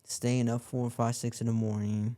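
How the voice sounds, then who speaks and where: A man's voice: mid-range voice, flat delivery, moderate pace, mellow, no room sound. Young guy podcast host, dry close sound, just rambling on about his life, repeats stuff a lot. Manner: rambling, repeats himself, lots of "like". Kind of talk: personal storytelling.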